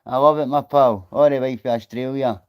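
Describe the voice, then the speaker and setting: A man's voice: medium pitch, fairly even intonation, fairly quick, clear, resonant tone, highs cut off. Blunt Scottish man on a livestream. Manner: blunt, swearing, talks straight to viewers. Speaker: livestreamer reading chat. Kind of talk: casual livestream chat.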